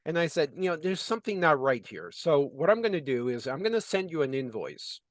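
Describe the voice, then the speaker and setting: Animated male storyteller, dry close sound. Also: a little high, fairly quick, no echo. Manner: animated, acts out dialogue, many "you know" fillers. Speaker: business consultant. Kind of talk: storytelling in conversation.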